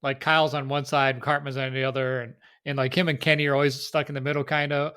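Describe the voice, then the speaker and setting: A man's voice: medium pitch, flat delivery, fast talker, fairly bright tone, clean tone. A man co-hosting a podcast in casual chat, easygoing and hesitant, often giving short answers. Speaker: podcast co-host.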